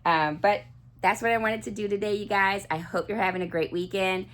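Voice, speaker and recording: A woman's voice: mid-range voice, steady tone, a little fast, fairly bright tone. A middle-aged woman chatting casually to camera about her dolls, gushing and full of fillers and restarts. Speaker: doll collector vlogger. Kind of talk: casual chat.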